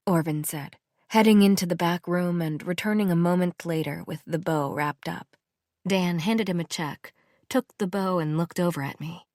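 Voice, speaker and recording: A woman narrating a first-person romance audiobook in a measured, intimate way, close to the mic. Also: lowish voice, dry recording.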